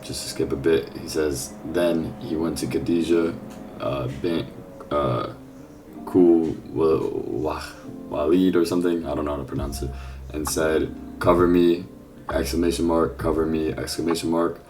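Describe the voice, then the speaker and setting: Very deep-voiced young man, rambling. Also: level tone, a little slow, over music. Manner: rambling, filler-heavy slangy talk. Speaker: vlogger sharing a faith testimony. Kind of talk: casual spoken testimony.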